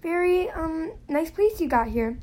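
A woman's voice: very high voice, lively intonation, measured pace, darkish tone, pitched above the performer's own voice. A woman reading aloud, voicing a kindly, cheerful middle-aged wizard father who talks in a friendly, eager, slightly awkward way.

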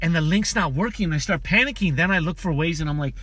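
A joking, excitable man comedian in casual banter, with a high voice for a man. His tone is bright and the sound is dry and close. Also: fast talker, husky, no echo. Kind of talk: casual podcast chat.

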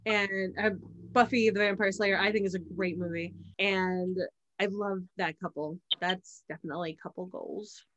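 A woman's voice: medium pitch, fairly even intonation, normal speed, fairly bright tone, lo-fi sound. A woman in her thirties co-hosting a casual podcast, chatty and rambling with frequent restarts. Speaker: podcast co-host.

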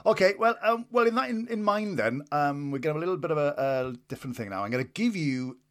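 A man's voice: fairly high pitch, animated, quick pace, a bit bright. A man with a West Walian Welsh accent hosting an interview, chatty and rambling, restarting his questions often. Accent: West Wales Welsh. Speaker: podcast host. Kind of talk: casual interview chat.

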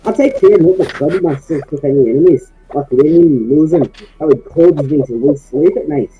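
A man in a casual online tabletop game session, reciting a long meme text in a steady, deadpan way. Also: on the high side, a little fast, muffled recording, a little hiss or hum. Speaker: player. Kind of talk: casual chat, reading a meme text in a mock voice.

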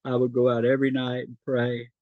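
A man's voice: medium pitch, monotone, a little fast, no room sound, narrow, tinny audio. A middle-aged man from North Carolina, a podcast guest telling his life story in an emotional, earnest way.

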